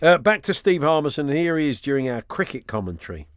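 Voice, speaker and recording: A man hosting a jokey clip show on the radio, quick with quips and often laughing. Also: fairly high pitch, big pitch swings.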